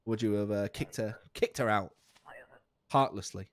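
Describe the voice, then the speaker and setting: A man giving live commentary on a game he is playing, jokey and sweary, laughing often, with sudden high squeaks of outrage. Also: moderate pace, no room sound, clean studio sound. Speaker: streamer.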